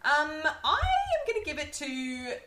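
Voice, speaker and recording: A bright, fairly high woman chatting as a podcast co-host. Her pitch swings widely as she jokes and laughs. The recording has a roomy echo. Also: measured pace, background noise. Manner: animated, laughs often, counts off lists. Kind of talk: casual chat.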